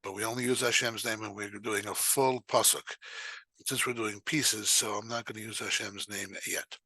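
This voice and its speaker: A man teaching bar mitzvah students to chant, explaining each note patiently and then singing the phrases slowly. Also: medium pitch, bright, forceful tone, dry recording. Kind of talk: recorded lesson, chanting examples.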